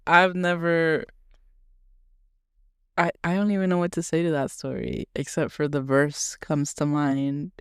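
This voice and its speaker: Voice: mid-range voice, level tone, measured pace, clear, resonant tone, no echo, clean studio sound. A co-host in casual podcast chat who talks eagerly about old shows and sometimes brings in a Bible verse. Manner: enthusiastic, quotes scripture.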